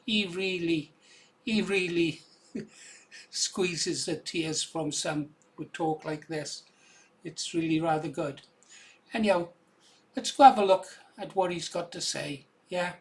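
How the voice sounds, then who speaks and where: A man's voice: on the high side, slow. A man with an English accent giving casual, conversational commentary on video clips, often adding "yeah?" to his points. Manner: conversational, tag questions like "yeah?".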